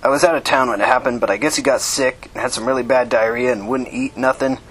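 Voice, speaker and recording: A man voicing a tall, commanding homeless leader who talks bluntly and swears, in a husky voice, louder and higher than his own. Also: steady tone, fast, low-quality recording. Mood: solemn.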